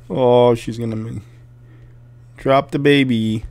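A man commenting on his horror game play, yelling and screaming at scares and dropping to whispers in tense moments. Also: mid-range voice, measured pace, no echo. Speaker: gameplay commentator.

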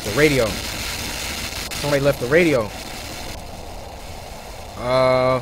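A man's unhurried gameplay commentary, kept low and hushed while he explores. His pitch swings widely, jumping into high panicked shouts at each scare. Steady game noise sits under the voice. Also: low-quality recording. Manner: hushed low muttering that breaks into loud panicked yelling. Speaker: gaming YouTuber. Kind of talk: horror game let's play commentary.

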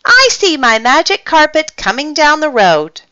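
A woman's voice: a little high, wildly swooping pitch, slow, pushed and bright, no echo, dull audio, voice pushed up, full character voice. A woman voicing a boastful, streetwise male alley cat in a storybook read-aloud. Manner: boastful, showy.

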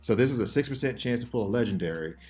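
A man hosting a casual game commentary video, rambling and excitable, jittery from too much coffee. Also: mid-range voice, racing. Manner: rambling, excitable, self-interrupting. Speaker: gaming channel host.

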